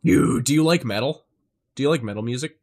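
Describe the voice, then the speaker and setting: A man streaming live, chatting casually with viewers and jumping between tangents, often excitable and swearing freely. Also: medium pitch, fairly quick, gravelly.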